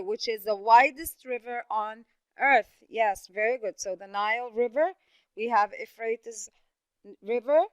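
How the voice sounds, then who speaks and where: Female English teacher; patient, questioning, encouraging, smooth and fairly high. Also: a bit bright, dry recording, rough recording. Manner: patient, asks questions and praises imagined students. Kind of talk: recorded classroom lesson.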